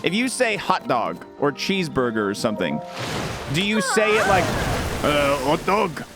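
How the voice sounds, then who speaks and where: A man streaming a video game, chatting casually and joking in animated little rants. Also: on the high side, normal speed. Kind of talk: casual gameplay chat. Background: game music.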